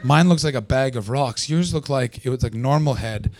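A young Canadian man doing live stand-up at a small festival venue, profane and sarcastic, riffing with the crowd and breaking into yelled punchlines. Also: mid-range voice, moderate pace. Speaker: stand-up comedian.

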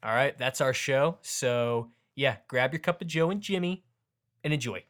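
A man's voice: medium pitch, moderate pace, a bit bright, a little hiss or hum. A young man hosting a casual sports podcast, upbeat and joking as he hypes up the show. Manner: upbeat, joking, hype-style show intros. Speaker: podcast host.

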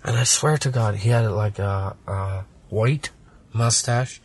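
A man's voice: on the low side, slow, husky. A man originally from Germany, talking casually as a podcast guest, rambling and swearing through a personal story.

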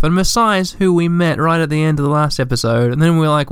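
A tired man hosts a casual let's play of a children's game, talking quickly in a slightly high, clean voice with hardly any pauses. He rambles and jokes at his own expense, full of fillers and restarts. The recording is dry, with clean studio sound.

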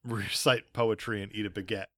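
Talking movies on a podcast he co-hosts, a man speaks at normal speed in a fairly low, steady voice that sounds pushed and bright. He's opinionated and emphatic and laughs often, and the studio-quality recording has no room sound.

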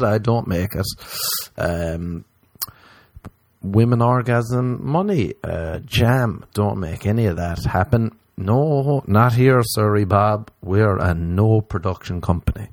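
A man's voice: lowish voice, darkish tone, no room sound. A man hosting his own podcast, rambling, swearing and mocking himself in casual comic chat. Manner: profane, self-mocking, rambling. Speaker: podcast host.

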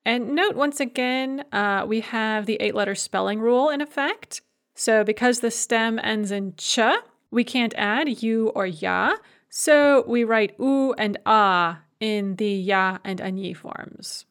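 A woman's voice: a little high, a bit bright. Methodical woman teaching a grammar lesson. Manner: clear, methodical explaining, slowing to spell out forms. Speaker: language teacher. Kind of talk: recorded grammar lecture.

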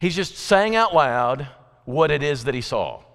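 A man's voice: expressive, measured pace, a bit bright. A man preaching an evening sermon in a chatty, conversational way, asking his listeners questions and acting out quoted voices. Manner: acts out quoted voices with sudden pitch jumps. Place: church sanctuary. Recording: long hall reverb.

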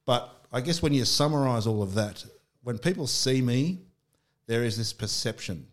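A man's voice: medium pitch, animated, moderate pace. A middle-aged Australian man telling personal stories candidly in casual conversation, with frequent restarts. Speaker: podcast guest.

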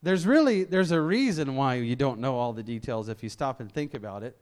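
A man's voice: medium pitch, expressive, brisk, a little mellow, clean tone. A middle-aged man from Memphis, Tennessee, preaching a sermon with no regional accent, in a conversational, self-deprecating way with frequent restarts. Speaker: lay preacher.

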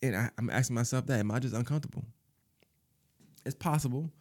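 A man in his thirties talking through his thoughts in a personal monologue, soft-spoken and halting, often repeating words and filling with "you know". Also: medium pitch.

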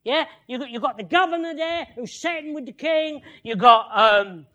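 Male preacher, very high pitched, sharp tone; storytelling sermon delivery with repeated lines and call-outs to the room. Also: moderate pace, highs cut off. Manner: repeats phrases, calls "listen" and "yeah?" to the crowd.

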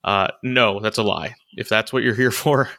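A man's voice: fairly low pitch, normal speed, gravelly, pushed and bright. A man co-hosting a casual movie chat, rambling with lots of fillers and restarts. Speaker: podcast co-host reviewing movies.

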